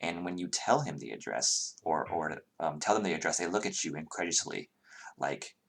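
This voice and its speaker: A man's voice: a bass voice, lively intonation, a little fast, vocal fry, fairly bright tone. A man narrating a tabletop game as game master, rambling with frequent ums and restarts.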